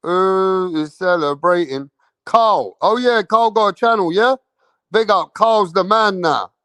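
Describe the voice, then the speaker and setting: A man's voice: high-pitched, unhurried, a bit bright, smooth, no echo, clean studio sound. Brash London man hosting a livestream. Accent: London English. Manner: brash, swearing, slangy, repeats himself; calls out to chat and waits for answers. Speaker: boxing channel host. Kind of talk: livestream chat with viewers.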